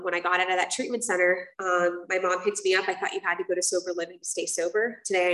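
A woman's voice: on the low side, a bit bright. A woman giving a casual, candid personal testimony as the speaker at a recovery meeting, full of fillers and the odd swear word. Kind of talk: personal testimony to a live group. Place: meeting room. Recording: roomy sound from a distance.

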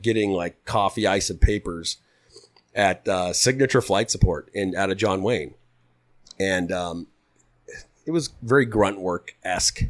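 A man in his thirties, a podcast guest, telling stories in a relaxed, casual way, swearing freely and acting out what people said. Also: fairly low pitch. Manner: relaxed, swears freely, acts out quoted dialogue. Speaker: podcast guest, pilot turned putter maker. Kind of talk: casual storytelling.

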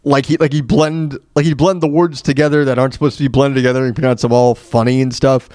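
A man's voice: medium pitch, level tone, fast talker, darkish tone, dry recording, studio quality. A man hosting a radio show, telling stories in a rambling, casual way with many fillers and restarts. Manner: laughs at his own retold jokes. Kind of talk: casual storytelling monologue.

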